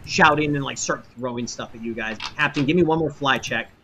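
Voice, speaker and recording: A man's voice: mid-range voice, a little fast, background noise. A man narrating as game master of a tabletop game, telling the scene in a rambling way with many fillers. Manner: rambling, filler-heavy storytelling.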